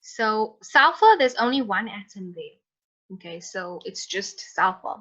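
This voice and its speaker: Teacher, woman: bright, forceful voice, patient with students, dull lo-fi call audio. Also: mid-range voice, lively intonation, measured pace. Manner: patient, prompting students by name. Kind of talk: online chemistry lesson. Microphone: computer mic on a video call.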